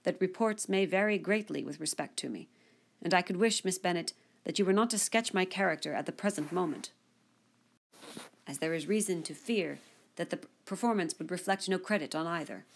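Cold proud young gent, grave and formal, low gravelly tone, woman reading him in an audiobook. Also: a little fast, slight background noise. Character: proud reserved young gentleman.

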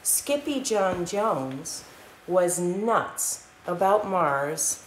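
Slow, sing-song storytelling woman. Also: lowish voice, lively intonation, reverberant, slight background noise. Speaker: host. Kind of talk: reading a children's picture book on a livestream.

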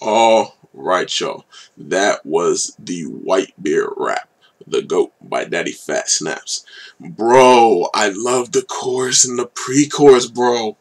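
A man's voice: lowish voice, takes it slowly. A man hosting a reaction video, chatting in a loose, rambling, enthusiastic way. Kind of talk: casual chat.

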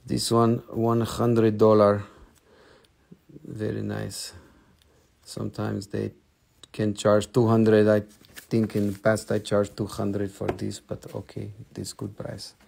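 A man's voice: on the low side, monotone, takes it slowly, creaky, darkish tone. A man with a Russian accent hosting a live crystal sales stream, playful and in broken English. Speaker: online crystal seller.

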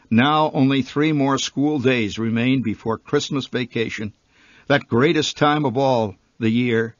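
Guy reading his own funny story, wry and vivid, kinda husky, dry close mic. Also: mid-range voice, dry recording, dull audio.

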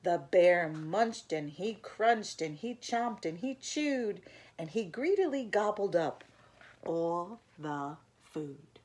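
A woman's voice: on the low side, slow pace. Older woman reading a bedtime story. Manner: expressive, gentle read-aloud. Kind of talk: reading a picture book aloud.

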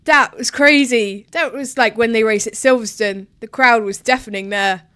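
Excitable woman reacting live. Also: fairly high pitch, moderate pace, clean tone. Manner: excitable, emotional, chatty. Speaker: vlogger reacting to a race.

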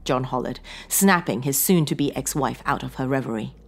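Expressive, husky-voiced woman horror narrator. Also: a bass voice, normal speed. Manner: expressive storytelling.

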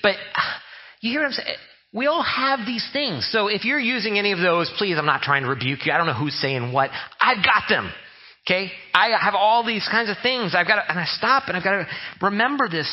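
A man's voice: high voice, expressive, a little fast, slightly rough, highs cut off. A man preaching a humorous, conversational sermon as a pastor, often mimicking the way people pray. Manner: joking, conversational, mimics prayer voices. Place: church sanctuary.

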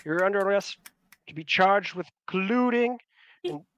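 A man's voice: sits high, normal speed, a bit bright, smooth, no room sound, pitched above the performer's own voice. A man voicing a dutiful army lieutenant who speaks in formal military proclamations. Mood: proclaiming.

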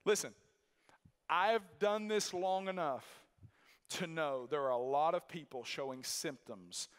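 A man with a fairly high voice preaching in a church, full of emphatic repetition and storytelling. His voice rings with the long echo of a large hall. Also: unhurried, clear, resonant tone. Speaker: pastor. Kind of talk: sermon. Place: church sanctuary.

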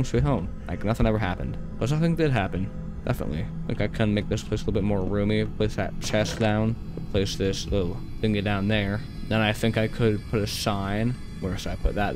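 A man's voice: on the low side, a little mellow. A young man casually commenting on a horror game he plays, chatty and full of slang, talking to the creatures on screen. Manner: yelps and rushes when scared. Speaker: gaming YouTuber. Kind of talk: casual let's-play commentary.

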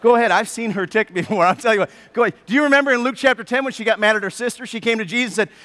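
A pastor delivers his sermon in a high, bright voice. He tells the story with animated energy and acts out the people in it. His voice rings with long reverb in a church hall. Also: fast, hardly any pauses. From United States. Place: church sanctuary.

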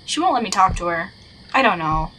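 A woman's voice: on the low side, very animated, brisk, very noisy. A young woman chatting playfully through a horror game, with exasperated asides. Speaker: gaming channel host. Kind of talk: let's play commentary. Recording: faint game music behind.

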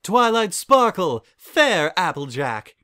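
A man's voice: high voice, very animated, slow pace, sharp tone, smooth, pitched above the performer's own voice, full character voice. A man voicing a commanding princess pony who talks in a formal, mischievous, teasing way.

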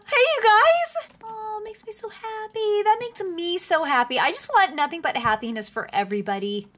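A woman giving bubbly, excitable commentary while playing a video game, gasping and squealing as she reacts. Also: extremely high pitch, moderate pace. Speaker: gaming video host.

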